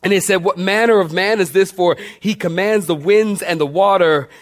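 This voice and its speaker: A male pastor preaching a sermon with dynamic swings in pitch and loudness, calling out to the congregation. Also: normal speed.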